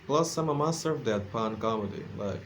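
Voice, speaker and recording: A man's voice: on the low side, animated, brisk, a little hiss or hum. A sleepy man rambling casually in a late-night vlog, self-deprecating and full of fillers and restarts. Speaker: vlogger. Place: his room at home.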